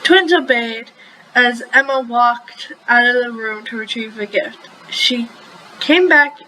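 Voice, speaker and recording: A woman's voice: fairly high pitch, fairly even intonation, slow, sharp tone, slight background noise, poor audio. A woman casually reading a fan story aloud, often stumbling and correcting herself. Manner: stumbling, self-correcting, giggly. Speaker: story reader.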